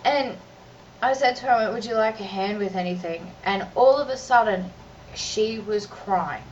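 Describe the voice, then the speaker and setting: A woman's voice: mid-range voice, unhurried. A mother ranting to her vlog camera, exasperated and emphatic, often restarting her sentences. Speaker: mother and vlogger. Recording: distant, dull lo-fi recording with faint noise.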